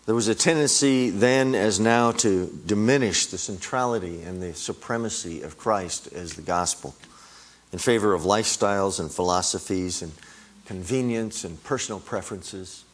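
A man's voice: fairly low pitch, normal speed. A middle-aged man preaching a sermon, emphatic and climbing on repeated words.

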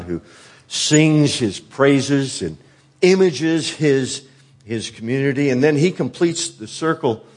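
A man preaching a sermon earnestly, asking rhetorical questions and dropping softly on quoted words. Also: medium pitch.

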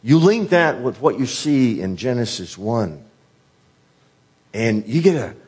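A man preaching a sermon earnestly, asking rhetorical questions and dropping softly on quoted words. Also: mid-range voice, big pitch swings, slow pace, husky.

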